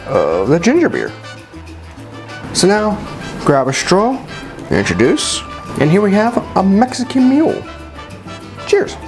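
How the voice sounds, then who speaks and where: A man chattily walking through a cocktail tutorial at a home bar, informal and full of fillers and restarts. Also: high voice. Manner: chatty and informal, with many fillers and self-corrections. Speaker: home bartender demonstrating cocktails.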